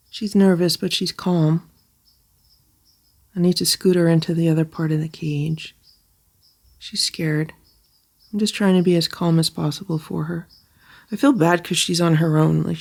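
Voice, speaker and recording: Gravelly-voiced woman soothing a kitten. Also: fairly low pitch. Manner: soft, soothing, sing-song baby talk to a kitten. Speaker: cat rescue vlogger. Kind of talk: casual vlog narration and coaxing a kitten. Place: home, indoors by a cage.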